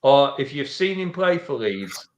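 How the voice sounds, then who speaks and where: A man's voice: mid-range voice, sing-song, darkish tone, dull audio. Yorkshire man with echoey sound. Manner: measured, opinionated, often restarts phrases. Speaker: football fan pundit. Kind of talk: casual football podcast chat.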